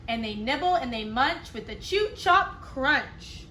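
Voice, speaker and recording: A woman kindergarten teacher reading a picture book aloud, expressive, with playful asides to the children. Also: high-pitched, a little slow, a little hiss or hum. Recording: echoey room.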